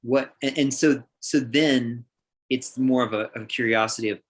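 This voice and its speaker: A man's voice: mid-range voice, normal speed. Thoughtful man answering questions. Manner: thoughtful, with many restarts and acted-out examples. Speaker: counselor guest.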